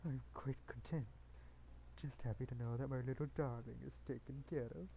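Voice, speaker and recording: Streamer doing gentle old Russian mama, put-on Russian accent, soft motherly tone, mellow. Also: medium pitch, steady tone, moderate pace, gravelly, a little hiss or hum, close to an everyday voice, low-quality recording. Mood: doting.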